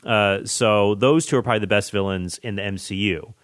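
A man hosting a podcast, chatting about movies in an enthusiastic, rambling way with excited tangents. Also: fairly low pitch, fairly quick, dry recording, clean studio sound. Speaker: podcast host. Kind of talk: casual movie chat.

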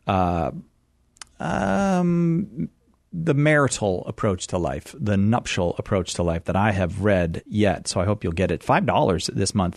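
A male radio show host talking in a relaxed, affable way with lots of fillers. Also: on the low side, gravelly, dry recording, clean studio sound. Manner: affable, easygoing, with many fillers. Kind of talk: casual radio talk.

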